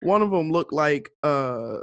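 A woman's voice: unhurried, dull audio. A woman co-hosting a podcast, joking and acting out her own reactions while reviewing a movie. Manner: expressive, jokey, leaps up in pitch when acting out reactions. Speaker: podcast co-host. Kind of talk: casual movie review chat.

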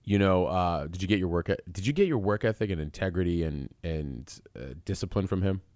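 A man with a very low, smooth voice hosts a podcast interview. He talks quickly and earnestly. The sound is dry, with no room echo. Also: animated, darkish tone. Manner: fast, earnest, encouraging. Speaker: podcast host. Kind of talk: conversational interview.

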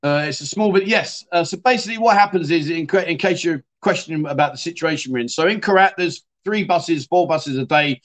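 A man's voice: on the high side, fairly quick, few pauses. A man hosting a casual livestream from Thailand, chatting with viewers and telling stories in a friendly way. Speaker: livestream host. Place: home in Thailand.

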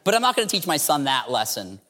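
A man's voice: on the high side, very animated, fast talker, sharp tone. A man giving a humorous storytelling talk as a speaker at an entrepreneurship event, playfully acting out dialogue as he tells it. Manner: playful, acts out dialogue in the telling.

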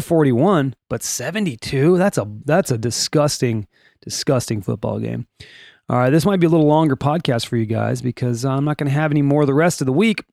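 Male podcast host, slightly high voice, dry close sound, casual rambling monologue with wry asides. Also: a little mellow, no echo. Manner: rambling, wry asides, stumbles over names. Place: room at home.

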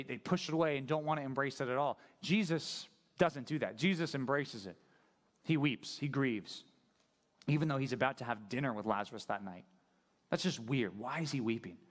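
A man preaching a sermon as pastor, talking conversationally and asking the congregation questions, dropping to a hushed voice at sad moments. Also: medium pitch, normal speed.

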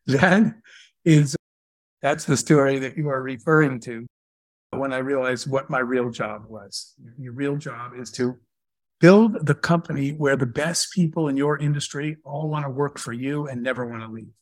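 A middle-aged man, an entrepreneur guest, telling a story in a lively way and acting out the quoted dialogue. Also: mid-range voice, moderate pace, no echo. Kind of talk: storytelling in a live Q&A.

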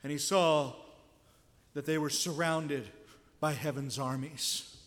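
High-voiced, slow-speaking male preacher. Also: steady tone, long reverb tail. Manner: conversational, asks the listeners rhetorical questions. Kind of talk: sermon.

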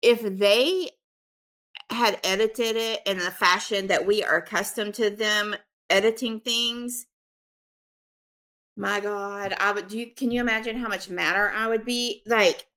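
A woman co-hosting a casual podcast chat, emotional and animated, laughing often. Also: mid-range voice, unhurried. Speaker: podcast co-host.

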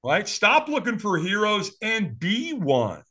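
A man's voice: sits high, wildly swooping pitch, slow, bright, forceful tone. A man in his late sixties telling stories in an interview, acting out quoted voices and laughing often. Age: 60s. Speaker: guest. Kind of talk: animated storytelling interview.

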